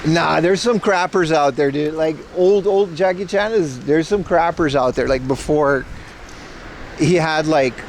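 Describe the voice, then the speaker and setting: Gravelly joking man livestreaming in a shop. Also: fairly high pitch, unhurried, a little hiss or hum. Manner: rambling, joking, talks to chat while browsing. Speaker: streamer. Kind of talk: casual IRL livestream commentary. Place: indoors in a secondhand electronics shop.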